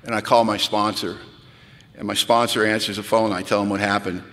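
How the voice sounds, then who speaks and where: A man with a bright, forceful voice tells a funny, self-mocking story to a crowd. He is animated and rises high for the punchlines. His voice rings out with a long reverb, like a big hall. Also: fairly quick. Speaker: speaker sharing recovery story. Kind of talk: storytelling talk to a live audience. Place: large hall at a retreat.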